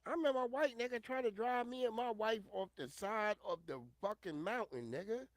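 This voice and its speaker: A man giving loud, profane, animated commentary on a casual livestream. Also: high-pitched, fairly quick, dry recording, clean studio sound. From Northern Virginia. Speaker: streamer commentator.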